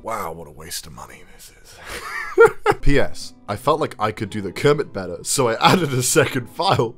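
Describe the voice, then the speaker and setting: Brief: excitable male YouTube host, lively swooping delivery, quick to swear and laugh. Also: lowish voice, faint music behind. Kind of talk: casual commentary.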